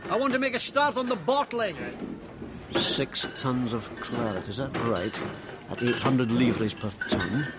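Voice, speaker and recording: An actor playing a fussy, flustered wine merchant in a period crime drama. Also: male voice, medium pitch, animated, unhurried, over loud music, close to an everyday voice. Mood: bustling. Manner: fussy, flustered, nervous laughs. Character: fussy, genial older male wine merchant.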